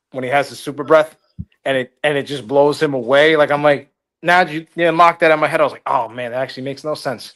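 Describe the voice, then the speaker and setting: A man co-hosting a casual podcast, upbeat and enthusiastic as he gives his review. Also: fairly high pitch. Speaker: podcast co-host. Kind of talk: casual chat.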